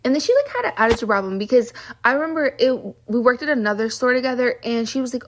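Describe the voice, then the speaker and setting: A woman's voice: on the high side, expressive, quick pace, few pauses, a bit bright. A young woman vlogger telling a casual storytime rant, exasperated and fed up, with constant use of "like".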